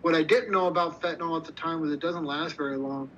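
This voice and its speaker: A man's voice: a little high, quick pace, fairly bright tone. A man telling a story in a blunt, profane, rambling way, with frequent restarts, as an interview guest. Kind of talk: casual storytelling. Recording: slightly muffled with faint noise.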